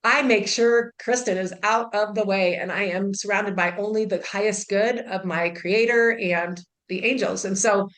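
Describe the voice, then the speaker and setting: A woman's voice: medium pitch, steady tone, normal speed, few pauses, a bit bright. A woman, an intuitive healer who is a guest, telling a personal story in a casual, chatty way, full of "like" and "you know", and acting out the dialogue. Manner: acts out dialogue in her story.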